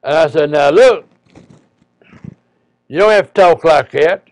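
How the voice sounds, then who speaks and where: A man, a preacher, telling a personal story in a folksy, halting way with frequent pauses and restarts. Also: on the high side, a little mellow, no room sound.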